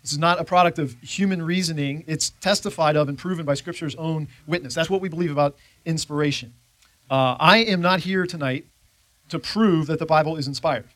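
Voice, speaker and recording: A man teaching a church Bible class with a fairly high voice. He talks in a conversational way and keeps checking that his listeners follow. The sound is dry and close, with little room echo. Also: fairly quick, fairly bright tone.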